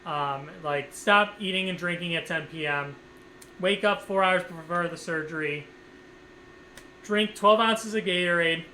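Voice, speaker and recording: A man's voice: high-pitched, unhurried, sharp tone, a little hiss or hum, poor audio. A man vlogger telling a casual story time, rambling with lots of fillers and swearing freely.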